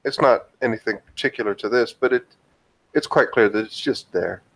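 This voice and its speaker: A man's voice: lowish voice, moderate pace, a bit bright, a little hiss or hum. A man playing in a tabletop game, describing his character with many hesitations. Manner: hesitant, joking, filler-heavy. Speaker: player. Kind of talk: casual tabletop play.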